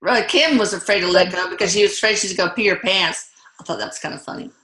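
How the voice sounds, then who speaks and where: A woman hosting the show, chatting casually and telling stories in an animated way. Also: medium pitch, fast. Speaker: host. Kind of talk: casual conversation. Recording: echoey room.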